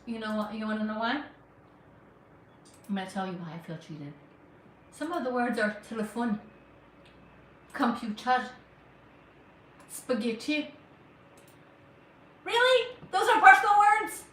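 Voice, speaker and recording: A woman's voice: a little high, a little slow, long pauses, far from the mic, a little hiss or hum. A woman who works as a criminal defense lawyer, chatting casually and teasingly with viewers while she cooks on a livestream. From United States. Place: home kitchen. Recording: roomy kitchen audio, speaker off-mic.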